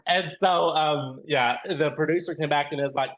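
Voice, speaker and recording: A man's voice: a little high, moderate pace. A man, a reality show contestant as a podcast guest, chatting casually and acting out the dialogue in his stories. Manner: animated storyteller, acts out quoted dialogue.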